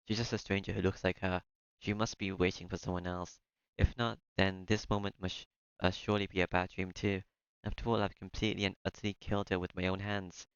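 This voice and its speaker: A man's voice: deep voice, gravelly, clear, resonant tone, no echo, lo-fi sound. A man reading a visual novel aloud in the first person, breaking off now and then for joking asides. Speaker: let's-play streamer.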